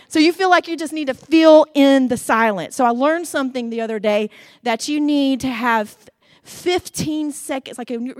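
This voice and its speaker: A woman's voice: high-pitched, no echo, clean studio sound. A woman preacher delivering a sermon, talking conversationally and asking her congregation direct questions.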